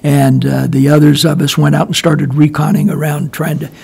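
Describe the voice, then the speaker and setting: An older man tells a long story in relaxed conversation, his voice gravelly and husky. He rambles and restarts his sentences often, and he chuckles as he goes. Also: a little high, normal speed. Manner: rambling, restarts often, laughs while telling. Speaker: guest veteran storyteller. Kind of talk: casual storytelling chat.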